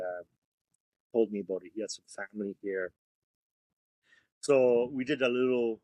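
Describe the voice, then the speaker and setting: A man's voice: mid-range voice, dry recording. Laid-back, foul-mouthed man telling stories. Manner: laid-back, profane, rambling. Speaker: tattoo artist guest. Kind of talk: casual storytelling interview.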